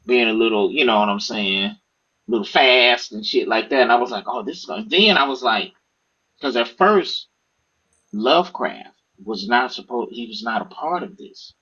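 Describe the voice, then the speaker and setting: A man talks casually and profanely as a podcast guest, acting out the voices of people in his stories. His voice is husky and moves all over the place in pitch. The recording sounds dull and lo-fi. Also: moderate pace. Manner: animated, profane, acts out quoted speech. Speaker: author guest. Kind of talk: casual storytelling interview.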